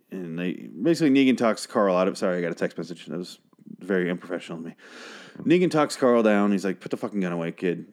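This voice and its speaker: A man with a fairly low voice talks through a TV episode in loose, rambling fashion. He swears freely, drifts into crude tangents, and slips into quick impressions of the characters before picking the thread back up. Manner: rambling, crude, animated asides. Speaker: show recapper. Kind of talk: casual profane recap.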